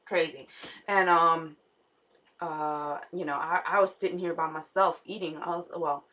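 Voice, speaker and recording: Young woman, vlog, rambling dream retelling, lowish voice, set back from the mic. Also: fairly even intonation, measured pace, bright, forceful tone, a little hiss or hum. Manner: rambling, many fillers and restarts. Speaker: vlogger. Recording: voice somewhat far from the mic.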